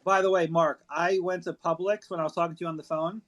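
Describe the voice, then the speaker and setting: Host type: man, slightly higher voice, jokey, profane, reads posts aloud over a phone app. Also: flat delivery, fast, fairly bright tone. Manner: irreverent, jokey, swears freely. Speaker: discussion host reading a thread aloud. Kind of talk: casual online audio chat. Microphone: phone app audio room.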